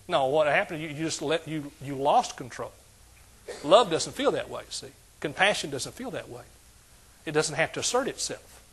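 A male pastor delivers a sermon with a slightly raised pitch. His voice is husky and a little breathy. He talks straight to the congregation and often swells into loud exclamations. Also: expressive, moderate pace. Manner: preaching with call-and-response, rising to shouts.

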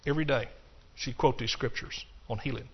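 A man's voice: mid-range voice, a little fast, slightly rough. A man preaching a sermon, emphatic and telling a story, with frequent restarts. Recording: dull lo-fi recording.

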